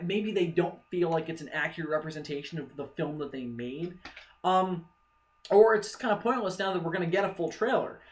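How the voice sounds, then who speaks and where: A young man vlogging casual fan commentary, excitable and profane, rambling with lots of fillers. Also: sits high.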